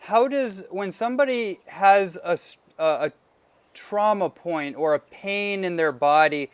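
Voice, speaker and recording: A man's voice: high voice, measured pace, clear, resonant tone, no echo. A man hosting a podcast interview, asking questions with hesitant, searching phrasing. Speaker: podcast host.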